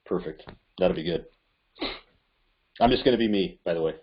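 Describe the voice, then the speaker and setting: A man with a very deep, husky voice co-hosts a casual podcast, chiming in with short agreeing replies. The recording sounds dull and lo-fi. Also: normal speed. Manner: brief agreeing interjections. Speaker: podcast co-host. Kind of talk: casual chat.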